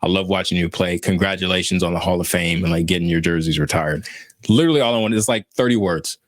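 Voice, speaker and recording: A man in his thirties telling a story casually on a podcast, animated and self-mocking, laughing as he goes. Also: low voice, fast, no echo, clean studio sound. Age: 30s. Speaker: podcast host.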